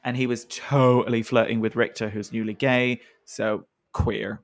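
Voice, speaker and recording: A man co-hosting a podcast in casual chat, enthusiastic and opinionated, tossing out quick asides. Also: medium pitch, flat delivery. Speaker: podcast co-host.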